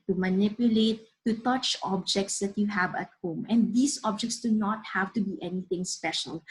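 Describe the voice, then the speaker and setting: Husky earnest woman presenting slides. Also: medium pitch, rough recording. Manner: measured, earnest, advisory. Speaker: child development speaker.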